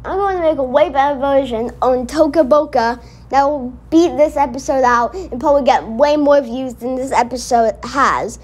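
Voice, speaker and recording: A woman's voice: sits high, normal speed. A woman giving casual reaction commentary, indignant and rambling as she talks back at a cartoon she is watching. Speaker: reaction video host.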